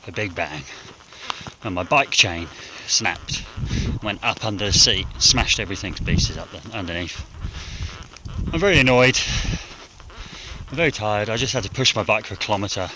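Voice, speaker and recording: A man's voice: low voice, normal speed, background noise. A man with a New Zealand accent rambling casually to his phone camera while climbing a mountainside, out of breath and dehydrated, swearing often. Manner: rambling, frustrated, swears a lot. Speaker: hunting vlogger. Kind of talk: casual outdoor vlog. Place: outdoors on a mountainside.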